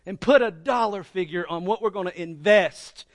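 A male pastor preaching a sermon emphatically, swinging between hushed and loud and asking the congregation rhetorical questions. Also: high-pitched, moderate pace, no room sound, clean studio sound.

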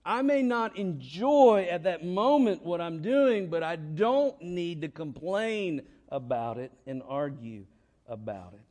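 A man's voice: a little high, expressive, takes it slowly, darkish tone. Man preaching an emphatic sermon. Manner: repetitive, emphatic preaching with rhetorical questions. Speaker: pastor. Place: church.

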